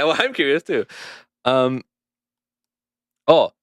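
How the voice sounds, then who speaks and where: A man hosting a podcast in casual chat, animated, swearing freely and laughing often. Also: lowish voice, normal speed, no echo, clean studio sound. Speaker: podcast host. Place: lives in Japan.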